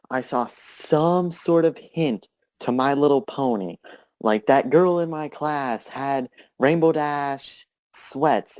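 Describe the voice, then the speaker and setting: A man in a casual group voice chat telling how he became a fan, relaxed, with fillers, acting out his own thoughts. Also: a little high. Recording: voice chat over headset mic.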